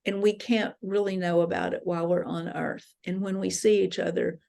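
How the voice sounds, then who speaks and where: A woman voicing her late father, who speaks gently and calmly to reassure her. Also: high voice, moderate pace, vocal fry. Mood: gentle. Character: radiant kindly departed father.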